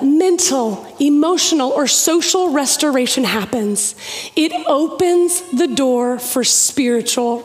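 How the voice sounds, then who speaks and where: A woman pastor preaching a sermon, telling stories with slow emphatic pauses and quick lively bursts. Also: high-pitched. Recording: long hall reverb.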